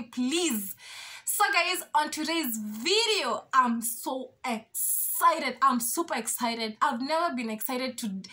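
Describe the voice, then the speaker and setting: A young woman talking to her channel in an excited, gushing vlog, repeating herself and thanking everyone. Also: high-pitched. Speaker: YouTuber. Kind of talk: excited casual vlog talk.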